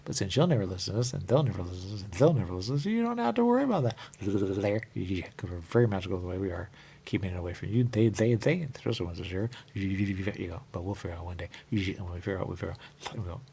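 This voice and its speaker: A man hosting a radio show rambles through a monologue, repeating the same catchphrases and suddenly jumping up in pitch. He talks fast in a gravelly yet mellow voice, with slight background noise.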